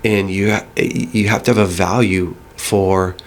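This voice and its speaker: Middle-aged guy, lowish voice, earnest and thoughtful, chatty teaching vibe. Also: flat delivery, a little slow. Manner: earnest, reflective, acts out dialogue with his kids. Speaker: guest speaker. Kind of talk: conversational teaching.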